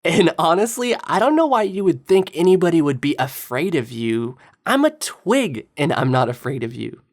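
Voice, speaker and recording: A low-pitched woman with a swooping, animated delivery, tossing out sarcastic jabs as she comments over clips. Her tone stays mocking and taunting throughout. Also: normal speed. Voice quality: sarcastic, taunting, lively inflection. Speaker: political commentator.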